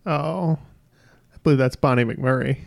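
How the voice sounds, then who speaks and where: A man co-hosting a casual trivia podcast, calm and dry, keeping his answers brief. His voice sits in an ordinary middle range. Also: medium pitch, moderate pace, creaky. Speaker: podcast co-host.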